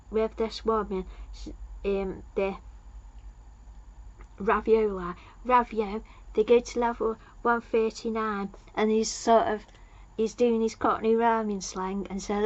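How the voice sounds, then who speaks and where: A woman's voice: mid-range voice, fairly even intonation, unhurried. Woman rambling thru an episode recap, lots of um and like, kinda dull lo-fi sound. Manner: rambling, loses her place, many fillers. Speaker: TV episode reviewer.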